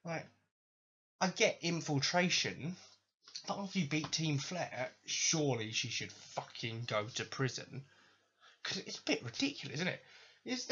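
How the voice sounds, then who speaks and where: Sweary man ranting, husky voice. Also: sits high, a bit bright, dull audio. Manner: exasperated, sweary, sarcastic. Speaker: podcast host. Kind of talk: casual ranting commentary.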